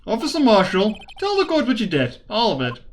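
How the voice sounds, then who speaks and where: A woman voicing a cool, sharp male prosecutor who asks measured, probing questions. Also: medium pitch, wildly swooping pitch, slight background noise.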